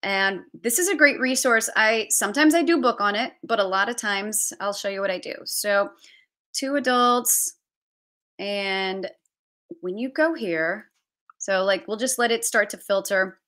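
A woman's voice: medium pitch, unhurried, a bit bright. A woman hosting a live-streamed budgeting tutorial from her basement, chatty and thinking aloud as she shares her screen. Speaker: travel budgeting host. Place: home basement.

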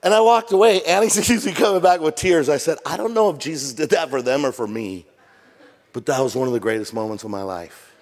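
Animated pastor in a reverberant hall. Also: male voice, on the high side, fairly quick. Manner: animated, jokey, acts out voices. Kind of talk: sermon with storytelling. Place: church sanctuary.

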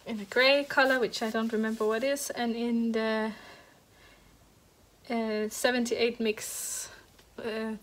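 A woman hosting a knitting podcast, chatting casually about her projects, halting with many fillers and restarts and a little out of breath. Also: on the high side, flat delivery, fairly bright tone. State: slightly out of breath. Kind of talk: casual show-and-tell chat. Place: at home next to a heater.

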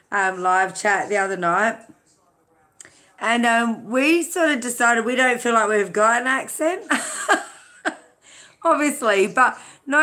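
Chatty bright-voiced woman live-streaming. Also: medium pitch. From Australia. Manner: chatty, greets viewers by name, many fillers. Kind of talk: casual live-stream chat.

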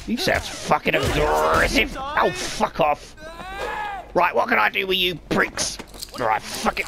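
A man giving profane, excitable commentary while playing a video game, muttering to himself. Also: sits high, measured pace, vocal fry, music in the background. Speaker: gamer. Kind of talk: profane let's play commentary.

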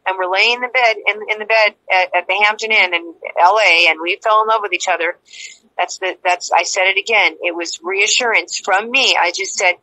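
A woman's voice: mid-range voice, brisk, sharp tone, low-quality recording. A woman interview guest giving an emotional personal account, rambling and repeating herself as she acts out quoted dialogue.

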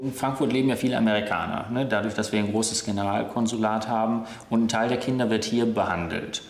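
Doctor guy, lowish voice, explaining cases, echoey room. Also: steady tone, fast talker, faint music behind. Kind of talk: interview.

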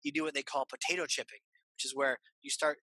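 A man's voice: mid-range voice, steady tone, fast, bright, forceful tone, no room sound, rough recording. A man hosting a podcast, talking loosely and rambling with lots of fillers. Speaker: podcast host. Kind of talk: casual chat.

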